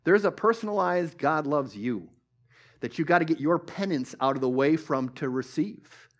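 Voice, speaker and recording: A male pastor preaching a sermon at a church service, repeating phrases for emphasis and swinging between loud and hushed. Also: a little high, animated, moderate pace.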